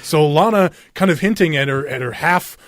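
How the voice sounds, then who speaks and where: A man's voice: on the high side, expressive, normal speed, no room sound, clean studio sound. A man co-hosting a wrestling podcast in casual chat, laughing often and rambling. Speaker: podcast co-host.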